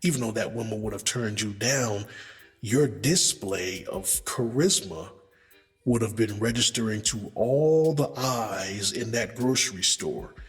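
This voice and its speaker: A man with a lowish voice, speaking a little slowly, vlogs relationship advice in a casual, emphatic way, swearing freely and calling his listeners brothers. He acts out quotes conversationally, heard in a large hall with faint music behind.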